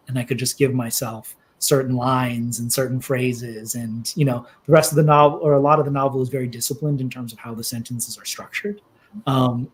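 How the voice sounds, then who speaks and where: Thoughtful man, halting and earnest. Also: medium pitch, rough recording. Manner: thoughtful, halting, emotional at times. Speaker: novelist, interview guest. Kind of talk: reflective interview talk.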